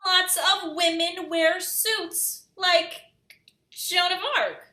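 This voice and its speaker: A woman's voice: very high voice, fairly even intonation, drawn-out words, pushed and bright, echoey room, exaggerated voice. A young woman playing a sassy, dramatic Cinderella in a stage comedy. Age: young adult.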